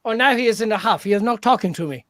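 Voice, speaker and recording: A woman's voice: on the high side, expressive, racing, no echo, clean studio sound, lightly acted. A woman playing a flustered caller with an unruly pet bird in an improvised comedy radio call. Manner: flustered, exclaiming.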